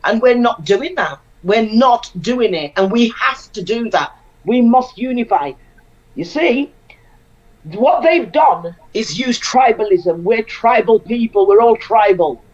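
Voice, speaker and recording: A woman speaks on a relaxed panel, earnest and insistent, circling back to the same words to drive them home. Her voice sits a little high. The sound is dull and lo-fi. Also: a little slow. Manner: earnest, repeats phrases for emphasis. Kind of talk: casual panel discussion.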